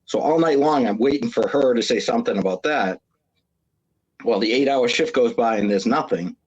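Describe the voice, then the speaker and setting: Retired cop guy telling a prank story on a podcast, average pitch, really animated, acts out the voices. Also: normal speed, slightly rough, muffled recording. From Massachusetts. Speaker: retired police officer guest.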